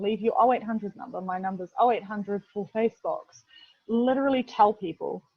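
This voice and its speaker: A woman with a New Zealand accent and a medium-pitched, slightly breathy voice runs a casual webinar lesson as head of video production. She's chatty, packs in fillers, and keeps saying "literally." The video-call audio is dry, dull and lo-fi.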